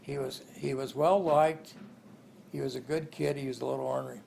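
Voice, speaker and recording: A man's voice: medium pitch, steady tone, normal speed, creaky, a little mellow, a little hiss or hum. An older man in an interview, telling rambling family stories and chuckling along the way. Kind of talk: oral history storytelling.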